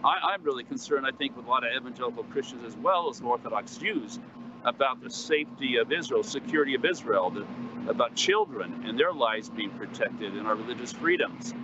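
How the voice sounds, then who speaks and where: A man's voice: mid-range voice, animated, a little fast. Male correspondent, hesitant delivery, lo-fi remote feed, street noise behind. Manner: hesitant, many fillers and restarts. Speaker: White House correspondent guest. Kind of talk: remote interview, casual.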